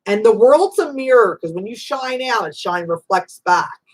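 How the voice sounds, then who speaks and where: With a fairly high, animated voice at a moderate pace, this psychic reader hosts a live call-in spiritual reading show. She's Italian-American and talks in an emphatic, motherly manner, calling her guests honey and sweetie.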